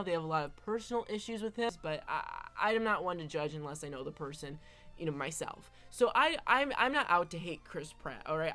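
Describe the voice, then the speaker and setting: A woman's voice: medium pitch, a bit bright. A woman giving casual opinion commentary as an online film commentator, emphatic and often tagging her points with "all right?".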